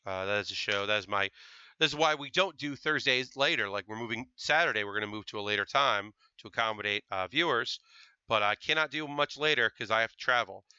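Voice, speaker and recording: A man's voice: lowish voice, brisk, bright, forceful tone, clean tone, no echo, muffled recording. A man chatting casually to his live-stream viewers while building a model kit, thinking aloud with fillers. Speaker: livestreamer building model kits.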